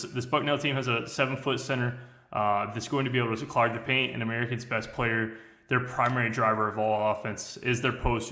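Guest bettor, male, bright forceful voice, echoey room over a call. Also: medium pitch. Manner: quick, filler-heavy, uh-laden. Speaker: guest handicapper. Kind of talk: casual betting analysis on a video call. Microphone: phone hotspot video call.

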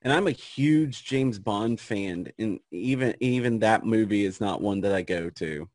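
A man's voice: lowish voice, animated, a little slow, darkish tone, no room sound, studio quality. A man co-hosting a podcast in casual chat, teasing the others and laughing often. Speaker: podcast co-host.

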